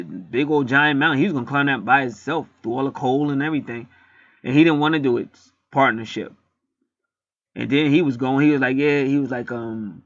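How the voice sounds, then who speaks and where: A man's voice: medium pitch, sharp tone, no echo, dull audio. A man on a spiritual channel retelling a film in a casual, rambling, emphatic way, swearing freely and preaching. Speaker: spiritual vlogger.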